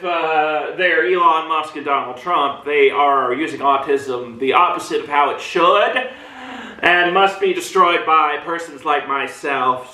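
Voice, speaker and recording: A man from Minnesota talks through a film review in a slow, meandering way, wandering into asides. His voice sits high and sounds bright. He is heard from some distance in a roomy, echoing space. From Minnesota, USA. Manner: rambling, drifts into tangents and asides. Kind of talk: casual rambling film review monologue. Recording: roomy echo, mic at a distance.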